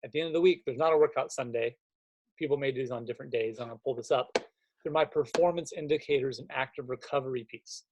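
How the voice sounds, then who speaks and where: A man's voice: mid-range voice, fast talker, highs cut off, noisy background. A man, a fitness coach, walking gym owners through a home workout program in a conversational, fired-up way, often checking in with "right?". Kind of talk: screen-share walkthrough for gym owners.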